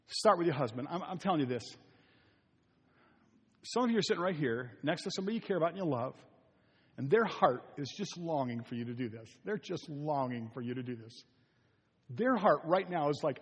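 A man's voice: a little high, animated, brisk, slightly rough, in a large hall. An older man, a pastor, preaching a sermon in an earnest, pleading way, repeating his phrases for emphasis. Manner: earnest, repetitive, pleading delivery. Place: church sanctuary.

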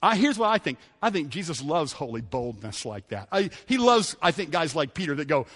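A man preaching a sermon who talks in an animated way, swinging between loud bursts and hushed passages and laughing often. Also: fairly high pitch, fairly quick, few pauses. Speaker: pastor. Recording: long hall reverb.

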